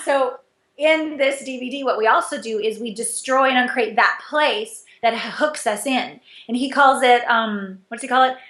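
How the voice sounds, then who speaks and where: Appearing as an interview guest, an intimacy coach with a fairly high voice chats casually at normal speed. Her pitch swings widely as she animatedly acts out short exchanges, a laugh in her voice. The audio carries the echo of a roomy space.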